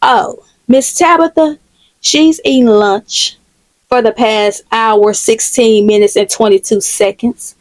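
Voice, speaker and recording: A woman's voice: a little high, fairly even intonation, takes it slowly, low-quality recording. A woman voicing a flamboyant male clothing receptionist who is a poetic dancer, talking in a sing-song, theatrical way. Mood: gossipy.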